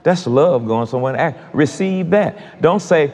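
A man preaches to his congregation in a chatty, repetitive way, speaking directly to them. His voice is on the high side and a little mellow, with lively intonation and a moderate pace. The recording carries a long hall reverb.

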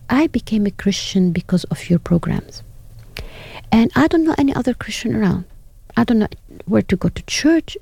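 A woman tells heartfelt stories as an interview guest, slipping into others' voices as she quotes them. Her voice has a gravelly fry and a mellow, dark tone. The sound is dry and close. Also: fairly high pitch, dry recording. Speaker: guest, ministry broadcaster. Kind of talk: interview storytelling.

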